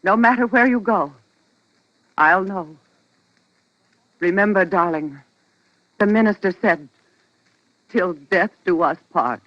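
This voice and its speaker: A woman's voice: fairly low pitch, takes it slowly, pauses often, fairly bright tone. An actress playing a clingy, possessive wife in a 1940s radio drama, talking in a sweetly smothering way. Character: clingy devoted wife, adult woman. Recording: lo-fi old radio broadcast.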